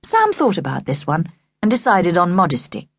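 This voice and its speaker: A woman narrating a children's audiobook in an expressive, animated way, recorded on a studio mic. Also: on the low side, moderate pace, husky, no room sound. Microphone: studio microphone.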